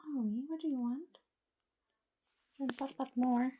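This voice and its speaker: A woman's voice: high voice, fairly even intonation, a little slow, dark tone, rough recording. A woman with a Filipino accent, talking baby talk to her pet birds in a cooing, sing-song way.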